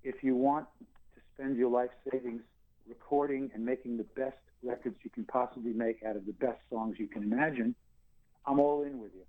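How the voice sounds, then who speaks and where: A singer-songwriter in his sixties from New York, telling animated stories and acting out dialogue as an interview guest. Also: medium pitch, fairly quick. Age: 60s. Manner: animated storyteller who acts out dialogue and laughs. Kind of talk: phone interview. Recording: tinny phone line.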